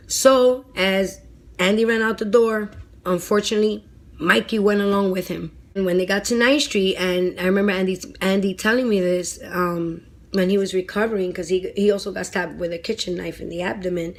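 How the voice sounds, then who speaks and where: Woman vlogger, mid-pitch, blunt, dramatic storytelling with plenty of "like". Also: moderate pace. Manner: animated, dramatic retelling with lots of "like"; blunt, swears freely. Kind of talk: casual storytelling.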